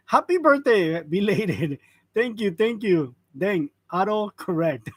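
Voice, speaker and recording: This forties-aged live-stream host, speaking slowly in a high voice with lively intonation, greets viewers by name and chuckles frequently. He's in a print shop wearing a wireless lavalier, and there's no room sound.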